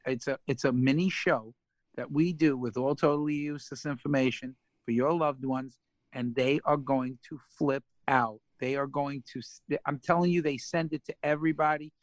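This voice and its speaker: A man's voice: a little high, moderate pace, dry recording. A man eagerly pushing a product on a radio show, enthusiastic and hard-selling. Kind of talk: excited promo pitch.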